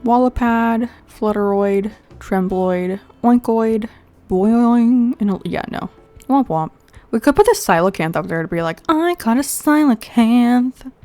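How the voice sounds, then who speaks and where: A woman's voice: mid-range voice, measured pace, dark tone, faint music behind. A young woman casually talking through her game as she plays, thinking aloud with lots of likes and little laughs. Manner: chatty, thinking aloud, frequent likes and giggles. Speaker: gaming YouTuber. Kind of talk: casual gameplay commentary.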